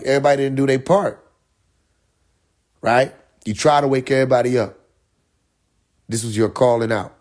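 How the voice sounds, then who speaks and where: This livestreamer speaks in a mid-range voice at a moderate pace, pausing often as he works through a long analogy. His casual rant is full of profanity and blunt exasperation, and he animatedly performs the voices of the people he quotes.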